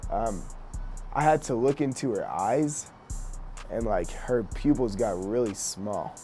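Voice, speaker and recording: A man's voice: fairly low pitch, slow pace, warm tone, faint music behind. A young man and actor chatting casually, easygoing, often saying "so, yeah". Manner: easygoing, says "so, yeah" a lot. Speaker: actor and co-host asking questions. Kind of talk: casual chat.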